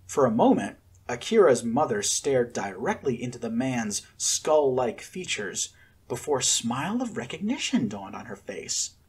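A man narrating a fan-fiction story as an expressive audiobook reader. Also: medium pitch, a little slow, husky.

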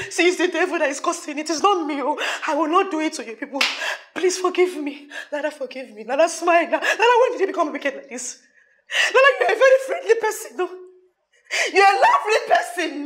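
A woman's voice: very high voice, reverberant. An actress with a Nigerian accent playing a remorseful woman who begs her friends to forgive her, swinging between pleading and frantic laughing. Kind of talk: Nollywood film acting.

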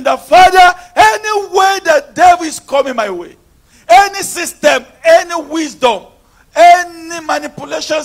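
A man preaching a sermon who moves between hushed talk and shouted, repetitive prayer declarations. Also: extremely high pitch.

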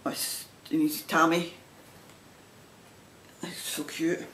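Speaking slowly in a low, fairly bright voice with a flat delivery, a Scottish knitting vlogger holds up items to the camera and chats away. Her talk is rambling and punctuated by laughter, recorded from a distance in a roomy space with faint noise behind.

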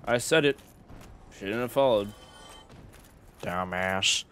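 A man's voice: fairly low pitch, takes it slowly, fairly bright tone, slight background noise. A man giving casual let's-play commentary, rambling and swearing as he talks to himself. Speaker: gameplay streamer.

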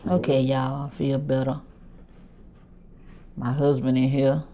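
Nervous low-voiced woman. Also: flat delivery, a little slow, mellow, slight background noise. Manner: nervous, laughing between phrases. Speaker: vlogger. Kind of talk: casual vlog chat. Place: clinic waiting room.

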